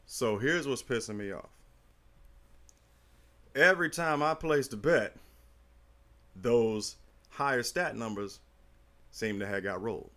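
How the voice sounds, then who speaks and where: A middle-aged man in casual chat, telling a long story in a rambling, animated and profane way. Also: mid-range voice, slow, pauses often.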